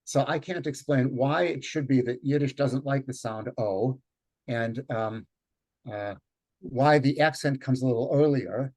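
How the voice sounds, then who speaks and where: Male teacher reading aloud for an online class. Thoughtful and halting, with plenty of fillers, and the sound comes through a video call. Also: mid-range voice, darkish tone. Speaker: Yiddish teacher leading a group reading. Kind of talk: online lecture and read-aloud.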